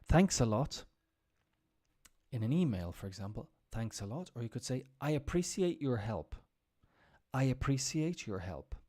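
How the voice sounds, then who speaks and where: A man teaching English on a live stream, talking through example phrases in a relaxed, explaining way. His voice is mellow and rather dark, at an ordinary pitch. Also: a little slow. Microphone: computer mic on a live stream.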